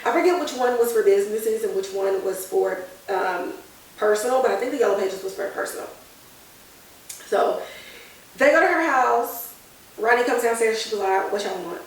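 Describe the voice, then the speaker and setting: Woman podcast host, animated slangy recapper, recorded off-mic in a very reverberant space. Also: a little high, moderate pace, far from the mic. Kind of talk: casual TV episode recap. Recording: very echoey room, off-mic.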